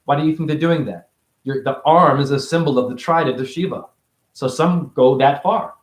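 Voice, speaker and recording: A man giving a rambling spiritual monologue, free-associating and preachy, jumping between high exclamations and low mutters. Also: moderate pace, echoey room. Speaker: spiritual teacher.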